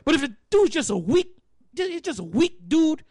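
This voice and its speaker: Brief: man with an extremely high voice, salty forum speaker, dry close sound. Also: normal speed, creaky, no room sound. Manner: profane, animated storyteller acting out quotes. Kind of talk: casual open-forum talk.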